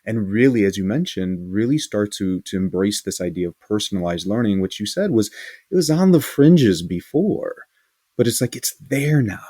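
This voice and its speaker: A man's voice: on the low side, expressive, moderate pace, mellow, dry recording. A man hosting an interview who leads a school, speaking earnestly and thoughtfully and often restarting his phrases. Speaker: interview host, school leader. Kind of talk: casual interview talk.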